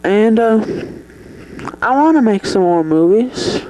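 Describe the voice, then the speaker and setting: A brash, high-voiced male movie star, put on by a performer in a comedy sketch. He swears at every turn, drops "man" into every sentence and drawls along slowly. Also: expressive, noisy background. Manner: swears constantly and keeps saying "man". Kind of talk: improvised comedy sketch interview.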